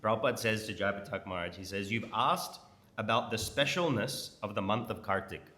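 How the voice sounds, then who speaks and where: A man's voice: fairly low pitch, fairly quick, bright, forceful tone. A man giving an informal class in a temple hall, quizzing and teasing his audience. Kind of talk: conversational scripture class. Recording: echoey hall with faint noise.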